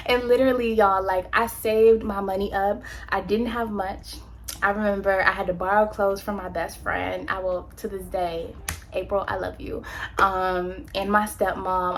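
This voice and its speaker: Candid, animated woman from California. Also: on the low side, slight background noise. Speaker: vlogger. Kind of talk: personal storytelling, motivational talk.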